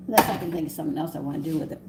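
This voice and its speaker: A woman's voice: sits low, rapid-fire, very noisy. A woman with a Southern US accent hosts a live-stream cooking demonstration, rambling as she chats with her viewers. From American South. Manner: chatty and rambling, talks to viewers. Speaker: home cooking host. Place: home kitchen.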